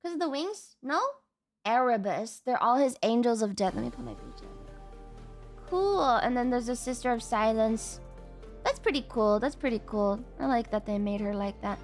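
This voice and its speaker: A young woman streaming a casual live reaction, excitable, swearing and thinking aloud. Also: a little high, moderate pace, faint music behind.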